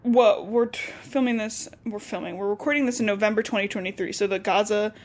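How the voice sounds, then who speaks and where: A woman's voice: mid-range voice, fairly quick, darkish tone. A young woman co-hosting a podcast, chatting casually and bluntly about a book, swearing and laughing often. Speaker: podcast co-host. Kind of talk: casual book discussion chat.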